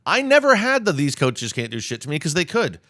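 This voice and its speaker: A man co-hosting a podcast in casual chat, full of crude jokes and quick comebacks. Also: fairly high pitch, big pitch swings, sharp tone, no room sound, clean studio sound. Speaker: podcast co-host.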